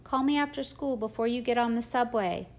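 A woman's voice: medium pitch, moderate pace, darkish tone, natural voice. A woman voicing a worried middle-aged mother, anxious and pleading, in an audiobook reading.

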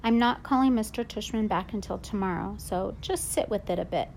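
A patient mother who gently coaxes and persuades, as a woman reader plays her. She sounds close to the reader's own voice, at a middle pitch. Storybook reading. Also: a little fast, creaky, slight background noise, natural voice. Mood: coaxing. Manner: gently coaxing.

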